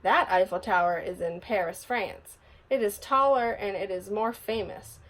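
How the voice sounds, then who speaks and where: A woman voicing a friendly young boy in a children's storybook, speaking calmly and matter-of-factly. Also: medium pitch, moderate pace, close to an everyday voice.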